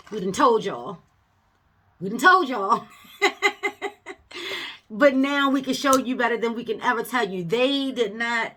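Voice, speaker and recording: A woman giving a casual tarot reading to her viewers, emphatic and animated, swearing freely, laughing often and calling them baby. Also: on the high side. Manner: addresses viewers as baby and y'all. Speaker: tarot reader.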